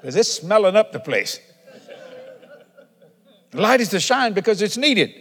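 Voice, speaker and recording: The middle-aged male preacher speaks a little slowly in a fairly high, sing-song voice, leaving long pauses. His folksy sermon swings from laid-back asides to shouted declarations, ringing out in a big hall with a lengthy reverb tail.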